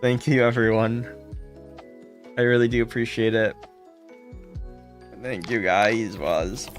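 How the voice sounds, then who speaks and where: A man's voice: medium pitch, steady tone, slow, soft background music. A man streaming a game live, chatting casually and greeting viewers by name with repeated thanks.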